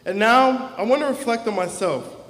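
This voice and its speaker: A man's voice: very high voice, moderate pace, fairly bright tone. A young man, class president, giving an earnest, heartfelt prepared speech at a graduation ceremony into a stage microphone. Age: young adult. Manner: earnest, heartfelt, emotional at times. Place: large hall or auditorium. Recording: echoey hall with long reverb.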